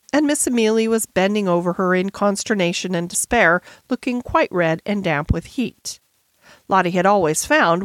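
A woman narrating a classic children's novel as an audiobook in a measured, gentle storytelling manner. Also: medium pitch, no room sound. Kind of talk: scripted narration.

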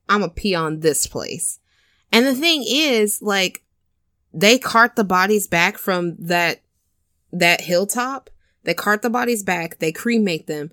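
A woman's voice: lowish voice, a bit bright, no room sound, clean studio sound. A woman hosting a casual podcast chat, animatedly retelling a film's plot and acting out the characters' lines with cursing and laughter. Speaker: podcast co-host retelling a film.

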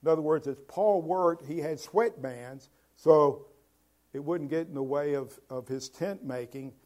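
A man preaching a sermon in a slow, halting way, with many fillers and restarts, stressing key words so his voice swells and then drops. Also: on the high side, a little mellow. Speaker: pastor.

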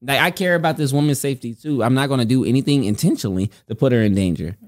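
A man's voice: medium pitch, rapid-fire. A man co-hosting a casual podcast, telling stories in a rambling way and often repeating his words. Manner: rambling, repeats himself, animated storytelling. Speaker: podcast co-host. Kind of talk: casual chat. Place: home podcast setup.

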